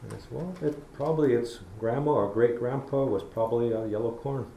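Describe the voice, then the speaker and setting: A middle-aged man gives a folksy storytelling lecture, his voice gravelly and mellow. He speaks in a roomy lecture hall, and a faint hiss sits under the recording. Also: mid-range voice, brisk. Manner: storytelling, folksy, acts out talking to kids. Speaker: public lecturer. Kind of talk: public talk.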